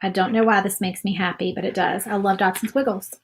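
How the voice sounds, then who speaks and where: A woman's voice: mid-range voice, steady tone, fairly quick, noisy background. Chatty woman painting live. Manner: chatty, reads viewer comments aloud while painting. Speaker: craft video host. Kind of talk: casual live craft demo.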